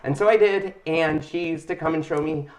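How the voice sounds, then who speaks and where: A man's voice: fairly high pitch, moderate pace. A middle-aged man hosting a craft channel, telling his story in a casual, heartfelt and emotional way. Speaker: channel host. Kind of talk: casual chat.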